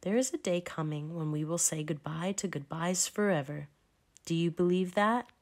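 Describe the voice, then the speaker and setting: Woman reading as a calm, gentle Jesus. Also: on the low side, normal speed. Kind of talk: children's Bible story read-aloud.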